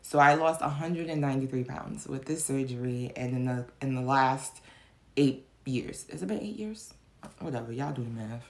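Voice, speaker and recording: A woman's voice: very deep voice, normal speed, a little mellow. A young adult woman telling her personal story in a vlog, rambling with many fillers and restarts, tearful and emotional. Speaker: vlogger.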